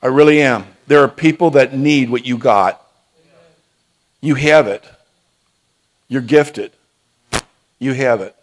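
A man's voice: mid-range voice, slow pace, pauses often. A man preaching and telling testimony stories, then giving a prophetic word, with frequent restarts and repeated "okay?".

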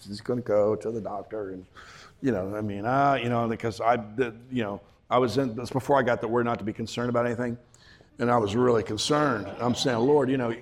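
A man preaching in a casual, conversational way, often repeating words and filling with "you know". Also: mid-range voice. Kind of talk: informal sermon with personal stories.

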